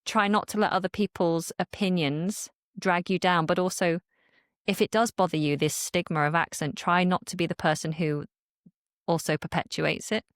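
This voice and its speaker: A woman's voice: lowish voice, steady tone, normal speed, dry recording, studio quality. A woman from Manchester with a light Northern English accent, a podcast guest speaking in casual interview chat, articulate and earnest. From Manchester, England. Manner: articulate, earnest, clear speech. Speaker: guest, English teacher creator.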